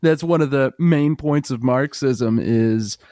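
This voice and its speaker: A man's voice: medium pitch, takes it slowly, warm tone, no room sound, clean studio sound. A man hosting a casual interview, loose and profane.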